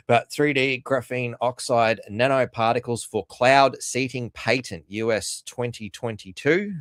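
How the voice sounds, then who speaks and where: A man's voice: fairly low pitch, fairly bright tone, dry recording, studio quality. A man hosting a podcast, rambling and sarcastic with frequent swearing and fillers. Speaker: podcast host. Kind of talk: casual commentary.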